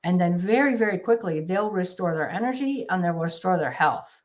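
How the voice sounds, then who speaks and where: A woman speaking as a guest exorcist in a casual interview, earnest and halting with frequent restarts, on a remote video call. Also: on the low side, lively intonation.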